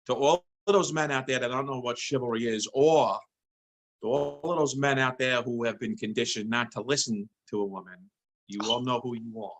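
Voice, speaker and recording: A man's voice: medium pitch, normal speed, a bit bright, poor audio. A man moderating a round-table chat with an everyday mid-range voice. He talks directly and rallies the group, pushing questions out to the panel. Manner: direct, rallying, asks questions. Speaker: host, moderator.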